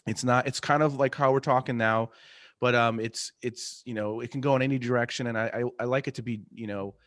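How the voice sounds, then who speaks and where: Man, guest in a casual chat, mid pitch, lots of ums and restarts, dry close sound. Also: fairly even intonation, fairly quick, fairly bright tone, dry recording. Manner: rambling, many fillers and restarts, laughs often. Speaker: artist and podcast host, interview guest.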